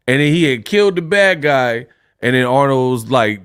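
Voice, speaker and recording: A man's voice: mid-range voice, animated, normal speed, a bit bright, clean tone, no echo, studio quality. Boisterous joking man on a livestream. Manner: boisterous, joking, laughs often. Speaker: livestream host. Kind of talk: casual livestream commentary.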